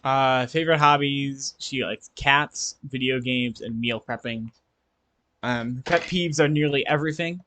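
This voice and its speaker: A man's voice: mid-range voice, steady tone, unhurried, sharp tone. A man co-hosting a podcast in casual chat, reading out contestant bios in an easygoing way and chuckling a lot. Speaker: podcast co-host.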